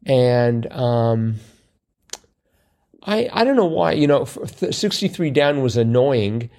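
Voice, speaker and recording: A man co-hosting a podcast in easygoing conversation. He rambles, restarts his sentences and jokes at his own expense. His voice sits at an ordinary middle pitch. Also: very animated, slow pace, a little mellow. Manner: chatty, self-deprecating, lots of fillers and restarts. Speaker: podcast co-host. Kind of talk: casual chat about crosswords.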